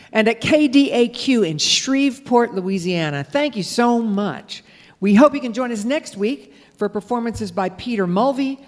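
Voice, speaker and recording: A woman hosting a live radio music show, chatting warmly about the act and reading station credits. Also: fairly high pitch. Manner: friendly, chatty introductions. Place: theater stage before a live audience. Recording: long theater reverb with audience.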